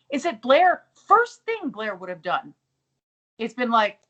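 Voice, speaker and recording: A young woman co-hosting a casual podcast recap, animated and swearing freely as she acts out characters. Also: high-pitched, measured pace. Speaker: podcast co-host.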